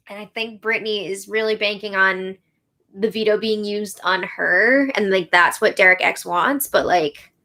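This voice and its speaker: A young woman hosting a casual recap, chatty and quick to retell what others said. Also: on the high side, bright, forceful tone. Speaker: show update host. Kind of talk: casual recap of a reality show.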